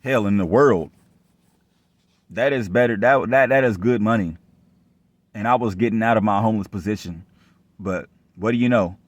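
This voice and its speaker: Low-voiced young man ranting. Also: normal speed, pauses often, no echo. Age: young adult. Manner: rambling and repetitive, heavy profanity; aggrieved, distrustful tone. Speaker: vlogger telling his own story. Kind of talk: casual rant monologue.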